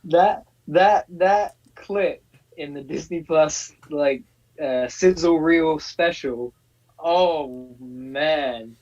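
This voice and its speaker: Excitable man on a muffled call. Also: fairly high pitch, slow pace. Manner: excitable, gushing, stumbles and repeats words. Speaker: co-host. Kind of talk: casual live-stream chat. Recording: distant, muffled call audio.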